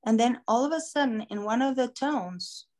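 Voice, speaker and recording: Animated woman telling a story. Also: fairly high pitch, moderate pace. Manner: animated, acts out quoted voices. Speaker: podcast host; singer. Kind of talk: casual storytelling.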